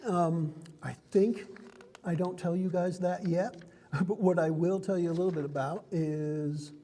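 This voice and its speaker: High-voiced man explaining game rules. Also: steady tone, unhurried, warm tone, in a large hall. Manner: friendly, instructive, laughs often. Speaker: dungeon master. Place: card and game store.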